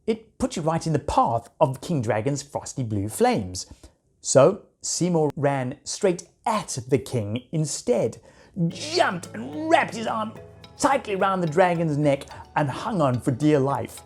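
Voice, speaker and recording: A woman narrating a children's storybook in an expressive, animated way. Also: deep voice, slow pace, faint music behind.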